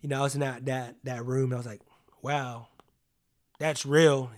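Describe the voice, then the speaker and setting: A man's voice: medium pitch, level tone, racing, darkish tone. A young adult man, a podcast guest, telling personal stories in an earnest, casual way, full of "like" and "you know what I mean".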